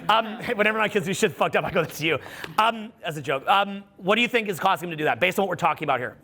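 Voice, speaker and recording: Middle-aged male coach addressing a live audience, high bright voice, swears a lot and acts out the quotes. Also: quick pace. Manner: animated, profane storytelling with acted-out quotes. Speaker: social skills coach. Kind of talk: live seminar talk.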